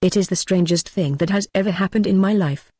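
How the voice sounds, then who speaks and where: A man reading the part of an earnest gentleman who confides his ghost encounter to friends in an audiobook. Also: sits high, fairly quick, no room sound.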